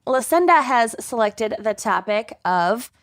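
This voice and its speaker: A woman's voice: on the high side, lively intonation, measured pace, dry recording, clean studio sound. A woman co-hosting a podcast, chatting casually and joking at her own expense. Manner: joking, self-deprecating. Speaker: podcast co-host. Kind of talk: casual chat.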